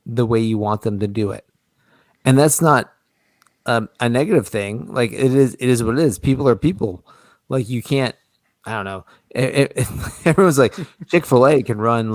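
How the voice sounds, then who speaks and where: A man's voice: mid-range voice, no room sound. A man talks in a loose, rambling way, stumbling over repeated words and correcting himself mid-thought. His voice is dry and close to the mic, with no room sound around it, and sits in a middling register. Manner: rambling, many restarts and self-corrections. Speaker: podcast guest, small business owner. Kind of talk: casual chat.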